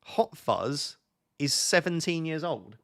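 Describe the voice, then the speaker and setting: A man's voice: fairly high pitch, expressive, slow, a bit bright. A young man, chatting casually with viewers on a live stream, joking and thinking aloud as he reads their comments.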